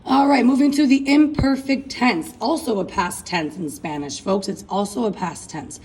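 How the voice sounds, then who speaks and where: A woman's voice: on the high side, normal speed, darkish tone, slightly rough, low-quality recording. A woman teaching a recorded class lesson, chanting verb endings aloud and addressing her students as folks. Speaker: Spanish teacher.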